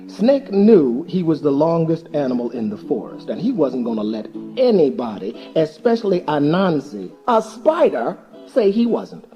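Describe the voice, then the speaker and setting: A man narrating a folktale for listeners in an animated, expressive storybook manner. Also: mid-range voice, lo-fi sound.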